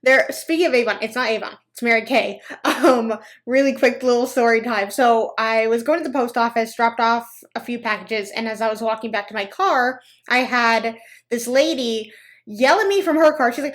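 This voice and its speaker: A woman with a high voice talks in a casual, sarcastic way as she reacts to clips. She tells stories animatedly, acting out the other people in them. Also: a little fast. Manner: sarcastic, reacting with groans and laughter; animated, acts out other people's lines in story. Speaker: anti-MLM commentary YouTuber. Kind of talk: casual commentary and storytime.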